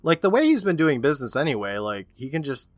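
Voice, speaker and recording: A man's voice: a little high, quick pace, dry recording. A man co-hosting a podcast, recapping an episode in casual chat and acting out the lines he quotes. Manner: animated storytelling, acts out quotes. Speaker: podcast co-host.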